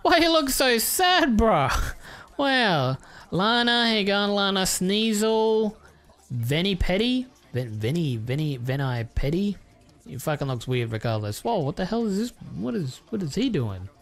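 A man giving casual, crude commentary while opening trading card packs, excitable and swearing often. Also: sits high, measured pace, soft background music. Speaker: YouTuber.

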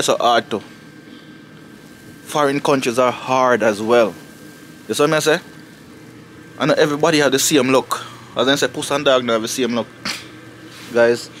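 A man with a Jamaican accent talking casually to camera for his family vlog outdoors in the snow, animated and preachy, slipping into patois. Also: medium pitch, slight background noise. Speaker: family vlogger.

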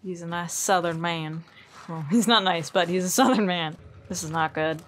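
A woman's voice: fairly low pitch, moderate pace, fairly bright tone, slight background noise. A woman hosting a gaming channel, giving casual, chatty commentary while she plays. She sometimes drops to near whispers and yelps and laughs when startled.

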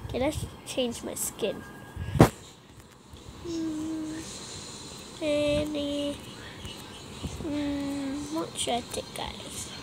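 A high-pitched woman talks through her gameplay at an unhurried pace, nervous and quick to put herself down. Exclamations keep spilling out as she plays. A steady background noise sits under her voice. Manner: nervous, self-deprecating chatter with frequent exclamations. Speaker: gameplay vlogger. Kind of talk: casual game commentary.

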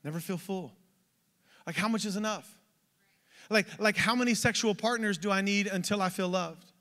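A man preaching an energetic sermon, exhorting the congregation with rhetorical questions. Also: high-pitched, brisk. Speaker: pastor. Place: church sanctuary. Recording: long church hall reverb.

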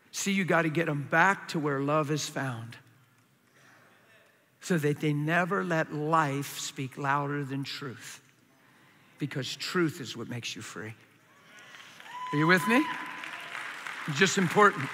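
A man preaching a sermon to a crowd in a large hall, passionate, acting out complaining voices in a higher tone. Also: unhurried, vocal fry, long pauses, bright, forceful tone.

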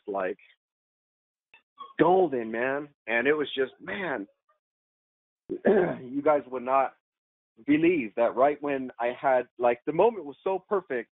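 A man's voice: mid-range voice, no room sound. Slangy man on a tinny line. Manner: animated, slangy, peppers speech with "man", "dude", "bro". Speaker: actor and podcast guest. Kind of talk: casual podcast storytelling. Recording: tinny phone-like remote call line, dry.

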